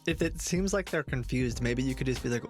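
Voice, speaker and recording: A man's voice: medium pitch, a little fast, over music. A man streaming, casually planning aloud with a friend and laughing often. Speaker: streamer, scam baiter. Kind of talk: casual chat.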